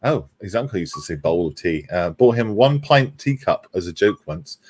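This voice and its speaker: Low-voiced man hosting a livestream. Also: expressive, moderate pace, darkish tone. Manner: chatty, reads out viewer comments, laughs often. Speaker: livestream host. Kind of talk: casual chat while model making.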